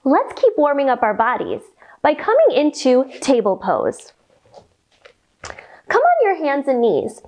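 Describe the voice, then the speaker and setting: Bright, lively kids' yoga teacher woman. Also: high-pitched. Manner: cheerful, encouraging, speaks to young kids. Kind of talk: guided yoga storytime for children.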